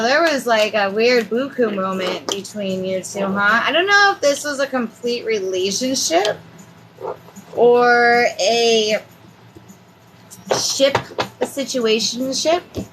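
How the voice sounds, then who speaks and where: A woman's voice: a little high, fairly bright tone. Soothing tarot-reading woman, noisy background. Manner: soothing, reassuring, rambling with many fillers. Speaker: tarot reader.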